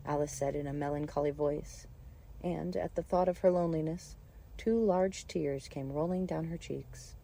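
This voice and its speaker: A woman reading a children's book aloud in calm, even narration. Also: deep voice, moderate pace, creaky, slight background noise. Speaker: storybook reader.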